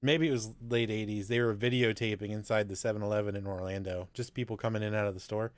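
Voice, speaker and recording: A man's voice: lowish voice, steady tone, fast, dry recording, clean studio sound. A man chatting casually on a live video call, teasing and laughing easily. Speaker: live chat regular.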